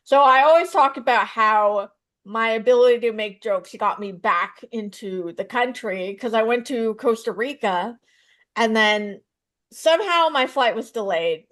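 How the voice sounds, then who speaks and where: Animated, storytelling woman comedian. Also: on the high side. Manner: animated storytelling, acts out voices in her jokes. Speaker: stand-up comedian and psychotherapist. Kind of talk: conversational interview answers.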